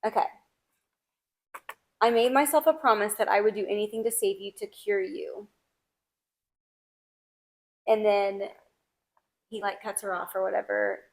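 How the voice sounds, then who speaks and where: A woman's voice: medium pitch, steady tone. A woman co-hosting a book club podcast, enthusiastically retelling favorite scenes and reading quotes. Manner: enthusiastic, drawn-out storytelling. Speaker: podcast co-host. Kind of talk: casual book club chat.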